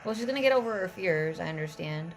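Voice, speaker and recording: A woman's voice: lowish voice, lively intonation, slight background noise. Chatty young woman reacting to a trailer. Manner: chatty, rambling, quick to laugh. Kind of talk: casual reaction commentary.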